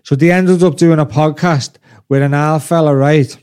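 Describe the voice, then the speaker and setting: Crude Scouse man with quick quips. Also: fairly high pitch, fairly even intonation, a little mellow, clean tone. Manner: blunt, crude interjections. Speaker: podcast co-host. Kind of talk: casual chat.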